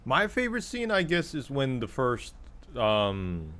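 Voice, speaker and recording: Dry, low-key male co-host, mid voice that rises and falls freely. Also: huge pitch swings, measured pace, a bit bright. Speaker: podcast co-host and film reviewer. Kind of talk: casual review chat.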